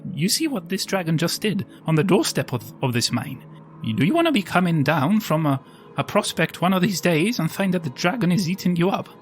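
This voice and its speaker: A man playing an earnest, persuasive adventurer. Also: sits high. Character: earnest adventurer, a diplomatic party leader.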